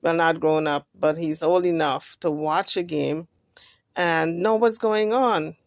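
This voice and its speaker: A woman host comments on a video clip in a relaxed, conversational way, thinking out loud as she goes. Her voice sits on the low side and sounds dry and close. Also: measured pace, dry recording. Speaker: channel host.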